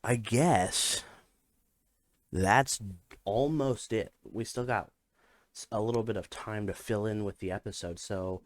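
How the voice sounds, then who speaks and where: A man's voice: on the low side, a little slow, no room sound, studio quality. A young man co-hosting a podcast, talking in a rambling, casual way with many fillers and restarts. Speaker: podcast co-host. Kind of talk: casual chat.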